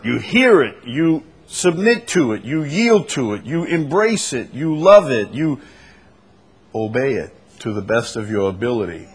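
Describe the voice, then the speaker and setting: Man, pastor, husky voice, emphatic, repeats himself, rhetorical questions. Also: mid-range voice. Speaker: pastor leading a Bible study. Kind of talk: preaching Bible study.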